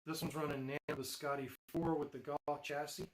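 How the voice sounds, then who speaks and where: On a low-quality recording, a live streamer with a slightly high, fairly flat voice talks a little fast while demonstrating his builds. His casual chatter wanders, with many fillers and restarts.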